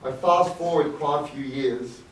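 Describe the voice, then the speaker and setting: A man's voice: fairly high pitch, measured pace. A middle-aged man, a rabbi, telling a reflective personal story to an audience, with Yiddish words mixed in. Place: event hall. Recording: echoey room, distant mic, faint noise.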